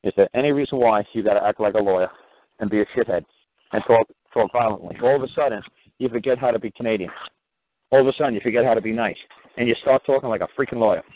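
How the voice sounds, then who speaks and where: A man's voice: fairly low pitch, fast talker. Blunt profane New York man on a phone line. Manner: blunt, profane, emphatic, repetitive. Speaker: talk show host. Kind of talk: animated call-in show advice.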